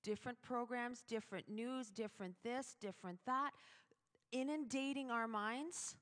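A woman giving a chatty, animated devotional talk to other women, with sudden loud emphasis on key words. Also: on the high side, normal speed. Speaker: devotional speaker. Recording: long hall reverb.

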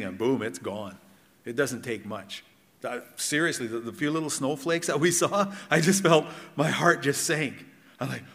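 A middle-aged man preaching a sermon in a conversational way, asking the congregation questions and swinging between loud and hushed. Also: mid-range voice, normal speed, in a large hall. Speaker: pastor. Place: church hall.

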